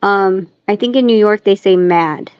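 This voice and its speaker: A woman's voice: medium pitch, measured pace, clear, resonant tone, dry recording. Blunt American woman, dull dry sound. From United States. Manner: blunt, swears, chatty storyteller. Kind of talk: casual chat.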